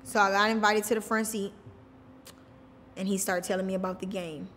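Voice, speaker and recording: Woman, interview guest, emotional colloquial storyteller, mid pitch, reverberant room. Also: flat delivery, normal speed, fairly bright tone, a little hiss or hum. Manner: colloquial and emotional, many fillers. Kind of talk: personal storytelling.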